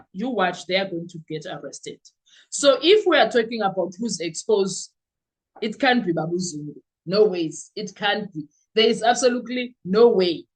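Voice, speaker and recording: A woman with a South African accent hosting a podcast, giving animated, sarcastic commentary full of rhetorical questions. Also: mid-range voice, low-quality recording. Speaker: podcast host. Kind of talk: opinionated commentary.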